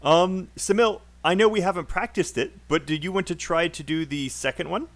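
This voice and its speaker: A man's voice: a little high, moderate pace. A man teaching English pronunciation in a live online class, encouraging and laughing often as he corrects students.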